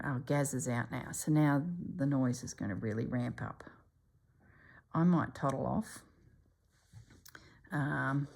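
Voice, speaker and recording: A middle-aged woman with a low, gravelly voice talks casually while she stitches, often slipping into a hushed whisper. Her tone is husky and a little breathy, unhurried and homely. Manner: often drops to a soft whisper. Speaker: stitching channel host. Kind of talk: casual stitching vlog chat.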